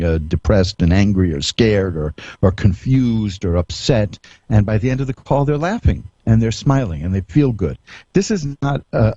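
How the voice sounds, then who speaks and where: A low, mellow male voice telling homespun stories as a radio psychic host, chuckling and restarting his sentences. The sound is dull and lo-fi, like a streamed radio broadcast. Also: breathy edge, dry recording. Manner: folksy storytelling with chuckles and frequent restarts. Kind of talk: radio monologue, anecdotal.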